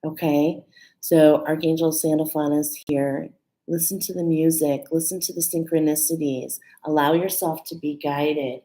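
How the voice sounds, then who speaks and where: A woman with a low voice talks through a spiritual card reading in a relaxed, chatty way. She checks in with her listeners again and again and sounds moved at times. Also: moderate pace, rough recording. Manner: warm, chatty, with fillers like "okay?" and "right?"; emotional, laughing and near tears at times. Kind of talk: casual live card reading.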